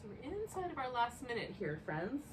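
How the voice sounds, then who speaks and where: A woman's voice: fairly high pitch, very animated, a little fast. Middle-aged lady teaching yoga, chatty, lots of ums and little laughs, sounds a bit far off the mic. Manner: chatty and self-deprecating, with frequent ums and laughs. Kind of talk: guided yoga class instruction. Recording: voice from a distance off the mic, faint noise.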